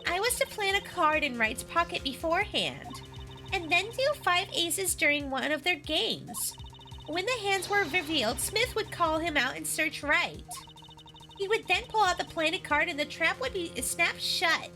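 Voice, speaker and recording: Woman voicing a cocky Valley Girl card sharp. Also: very high voice, expressive, normal speed, music in the background, voice pushed up. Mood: boastful. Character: brash young female card dealer, cocky con artist.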